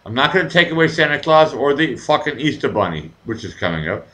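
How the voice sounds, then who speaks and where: A man's voice: mid-range voice, fast talker, poor audio. A man hosting a live talk show, rambling and swearing freely as he tells stories. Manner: rambling, profane, animated storytelling. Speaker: show host. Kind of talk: casual live chat.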